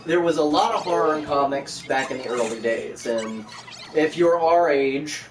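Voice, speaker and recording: A man's voice: on the high side, moderate pace, roomy sound. A man hosting a podcast, chatting casually and joking at his own expense. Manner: joking, chatty, self-deprecating. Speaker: podcast host. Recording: distant mic with background noise.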